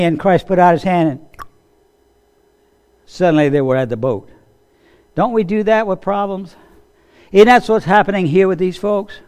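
A pastor preaching with a slightly high voice. He is conversational and tells his stories vividly. He keeps turning to the listeners with questions. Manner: animated storytelling that acts out quoted voices. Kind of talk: sermon.

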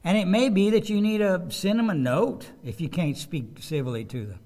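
A man's voice: high-pitched, moderate pace, few pauses, darkish tone. A man preaching a sermon in a conversational way, often repeating words and asking his listeners questions. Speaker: pastor. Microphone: microphone with a loose connection.

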